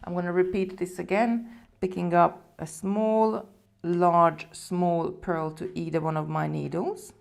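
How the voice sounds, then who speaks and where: Chatty woman doing a live beading tutorial, kinda low voice with a gravelly edge. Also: flat delivery, a little slow, a little mellow. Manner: chatty, talks viewers through steps while working.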